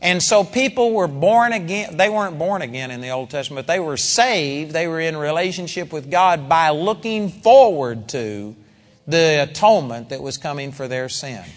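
Male Bible teacher, live seminar sermon, fairly high voice, long hall reverb, emphatic. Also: normal speed. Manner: animated, emphatic preaching with acted-out quotes.

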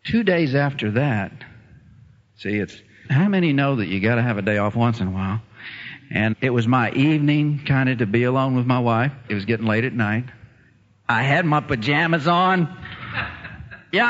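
A man preaching a sermon, telling a story in an animated way and chuckling as he talks straight to the congregation. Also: mid-range voice, moderate pace, long reverb tail. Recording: slightly muffled lo-fi sound.

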